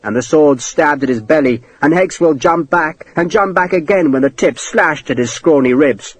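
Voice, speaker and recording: A man narrating an audiobook in a dramatic, expressive reading style. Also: a little high, moderate pace, hardly any pauses, no echo, poor audio. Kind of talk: scripted narration.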